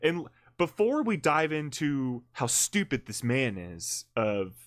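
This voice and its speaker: A man in the middle of pitch for his sex tells a story on a livestream in a loose, casual way. He rambles and corrects himself often, and his delivery is blunt and profane. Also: sing-song, slow. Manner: rambling, full of restarts and self-corrections. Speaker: livestream co-host. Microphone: streaming mic.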